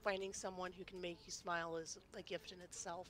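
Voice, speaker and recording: A woman's voice: on the low side, level tone, fairly quick, fairly bright tone. A woman roleplaying in a survival game, speaking in a kind, reassuring way. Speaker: fellow roleplayer. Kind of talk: in-character roleplay chat.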